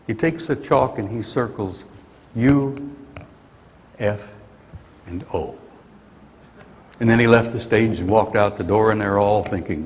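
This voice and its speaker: A man's voice: lowish voice, a little slow, long pauses, a little mellow, big-room sound, slight background noise. An older man giving a blunt, grumpy conference talk and venting his anger. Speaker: conference speaker. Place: conference hall.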